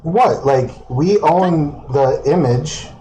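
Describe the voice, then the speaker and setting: A man playing in a tabletop role-playing game, talking in a laid-back, halting way with easy chuckles. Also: fairly high pitch, animated, mellow, a little hiss or hum, low-quality recording. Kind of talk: casual in-character game talk.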